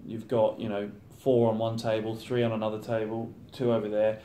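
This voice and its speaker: Chatty footballer in a roomy space. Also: male voice, lowish voice, monotone, fairly quick, warm tone, a little hiss or hum. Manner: chatty, acts out teammates' banter. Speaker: professional footballer. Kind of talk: casual interview chat. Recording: roomy echo.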